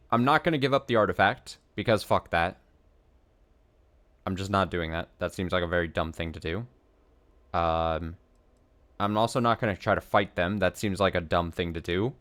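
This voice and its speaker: Low-voiced man mumbling through a game. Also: a bit bright. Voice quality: mumbly, thinking aloud with many fillers. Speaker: gaming streamer. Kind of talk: casual let's play commentary.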